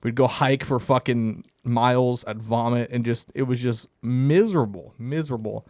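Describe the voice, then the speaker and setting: A man's voice: medium pitch, normal speed, darkish tone, dry recording. Young man, casual storyteller, swears a lot, dry close sound. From Canada. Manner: profane, rambling, laughs through stories. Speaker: podcast co-host.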